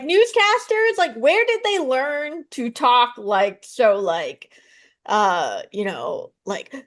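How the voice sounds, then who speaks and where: A woman in her thirties, a stand-up comedian and psychotherapist, answering interview questions with animated storytelling. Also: a little high. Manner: animated storytelling, acts out voices in her jokes.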